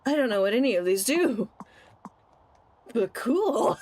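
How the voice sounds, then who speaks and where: A woman's voice: a little high, very animated, a little slow, darkish tone. A woman streaming a game, chatting casually, teasing and laughing often. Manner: giggly, playful, teasing. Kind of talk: casual gameplay commentary.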